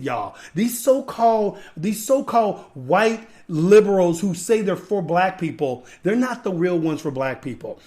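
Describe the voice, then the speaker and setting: A man hosting a podcast, giving an emphatic, repetitive, preachy rant to his viewers. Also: sits high. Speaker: podcast host. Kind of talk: ranting commentary.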